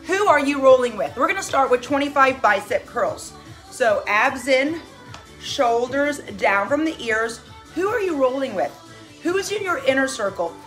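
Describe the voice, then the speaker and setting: High-voiced, whooping female fitness coach. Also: animated, normal speed, fairly bright tone, soft background music. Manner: enthusiastic, whooping motivational cheerleading. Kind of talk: live workout coaching.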